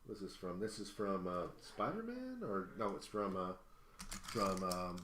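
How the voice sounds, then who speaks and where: A man's voice: low voice, very animated, unhurried, a bit bright, echoey room, slight background noise. A man hosting an online auction stream, chatting casually and rambling through a list of prizes with many fillers, a little out of breath. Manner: rambling, lots of fillers while listing items. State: slightly out of breath. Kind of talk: casual live-stream chat.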